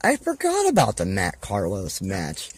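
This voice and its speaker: A man's voice: deep voice, wildly swooping pitch, a little slow, husky. A man talking as a podcast guest in a loose, rambling way, full of fillers and restarts. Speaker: guest, professional wrestler. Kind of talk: casual podcast interview.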